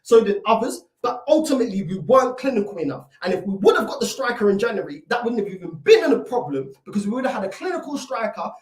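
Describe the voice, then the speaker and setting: Woman, high voice, angry football fan rant, exasperated and repetitive, echoey room, mic set back. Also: very animated, fast talker, few pauses, a little mellow. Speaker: football fan reacting after a match.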